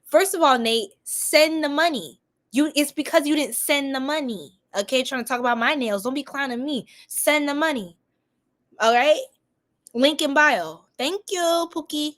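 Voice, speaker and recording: A woman hosts a tarot livestream. She laughs often, teases her chat and shifts into slow affirmations for viewers to repeat. Her pitch swings widely from line to line. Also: animated, a bit bright. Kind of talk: casual livestream reading with chat replies.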